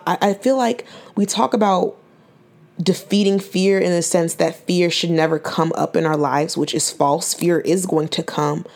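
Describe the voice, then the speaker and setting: 21-year-old woman, podcast host, lowish voice with lots of fry, earnest and near tears, stumbles and repeats herself. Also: darkish tone. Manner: earnest, faith-filled, repeats and restarts phrases. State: holding back tears. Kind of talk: emotional personal testimony.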